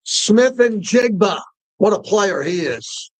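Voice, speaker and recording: A man's voice: high-pitched, expressive, slow pace, poor audio. A man hosting a sports talk radio show, introducing his guest with effusive praise.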